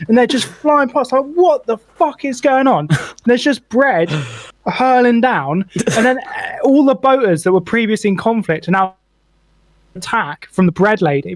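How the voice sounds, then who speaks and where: A young man tells a long, sweary story on a podcast, packing it with "like" and "right?". His voice sits a little high for a man, and the recording is dry and close. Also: no room sound. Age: young adult. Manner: swears freely, animated anecdote with lots of "like". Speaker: podcast co-host. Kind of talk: casual storytelling chat.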